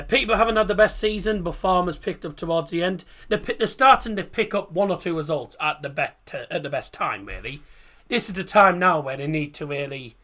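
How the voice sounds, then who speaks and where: A man's voice: a little high, fairly bright tone. A man hosting a football watchalong stream, rambling casually through viewer comments with lots of fillers and restarts. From Middlesbrough, England. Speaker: livestream host. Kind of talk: casual chat reading live comments.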